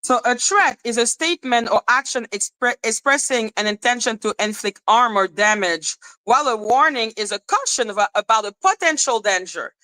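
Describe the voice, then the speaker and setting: Profane, ranting woman with a bright voice. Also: fairly high pitch, animated, moderate pace, few pauses, poor audio. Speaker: livestream commentator. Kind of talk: casual livestream rant.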